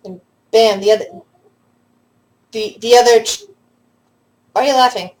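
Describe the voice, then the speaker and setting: A woman narrating a tabletop role-play as game master, halting with frequent restarts. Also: on the high side, fairly even intonation, darkish tone, poor audio. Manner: halting, many restarts and fillers.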